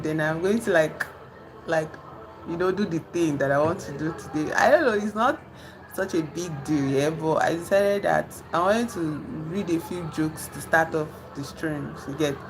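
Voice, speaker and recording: A woman hosting a casual livestream, chatty and full of fillers, teasing her quiet chat. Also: on the low side, creaky. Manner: chatty, trails off with fillers, teases an unresponsive chat. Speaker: live streamer. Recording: steady background noise.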